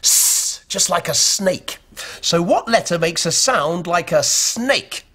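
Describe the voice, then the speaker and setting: A man presenting a children's puppet show, lively and playfully exasperated, often laughing as he scolds the puppets. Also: high voice, takes it slowly. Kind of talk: lively scripted banter with puppets.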